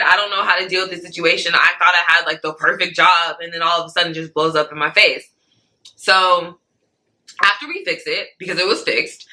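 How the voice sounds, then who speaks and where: A young woman with a very bright, sharp voice tells a story as an interview guest. She is animated, acts out what other people said, and keeps checking in with "right?" and "like". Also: lowish voice, rough recording. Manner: animated, acts out quoted speech, many "like" and "right?" fillers. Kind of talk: casual storytelling.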